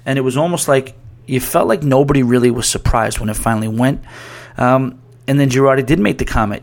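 A man hosting a casual podcast, talking loosely and at length. He rambles, breaks off mid-sentence and starts over, and reads listener emails aloud. His pitch sits right in the middle for a man. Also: a little fast, vocal fry. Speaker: podcast host. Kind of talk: casual sports talk.

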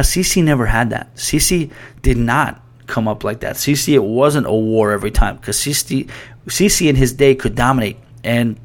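A man hosting a casual podcast, talking loosely and at length. He rambles, breaks off mid-sentence and starts over, and reads listener emails aloud. His pitch sits right in the middle for a man. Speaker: podcast host. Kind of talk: casual sports talk.

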